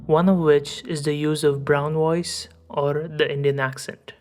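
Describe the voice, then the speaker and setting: A woman podcast host reading a scripted essay in a measured, academic way. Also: low voice, steady tone, a little mellow.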